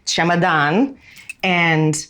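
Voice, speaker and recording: Low-voiced woman telling a reflective story. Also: steady tone, a bit bright. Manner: candid and reflective, often slowing down on key words. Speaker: fashion designer.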